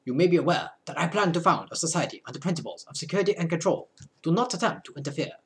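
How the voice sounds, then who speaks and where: A man's voice: fairly high pitch, lively intonation, rapid-fire. A man putting on a stern authoritarian leader. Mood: coldly formal. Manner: cold, clipped, self-assured.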